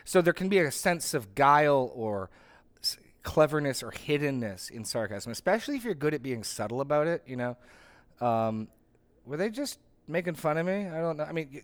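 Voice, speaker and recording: A middle-aged pastor with a mid-range voice leads a Bible study, teaching the group in a conversational way. His delivery is full of restarts and asides.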